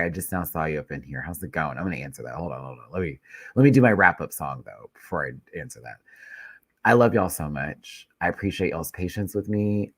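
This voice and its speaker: Deep voiced guy rambling on a live stream, stuffed up with a cold, cusses a lot, dry close sound. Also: fairly bright tone, no room sound. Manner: chatty and rambling, swears freely. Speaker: YouTube recap host. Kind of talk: casual live-stream chat.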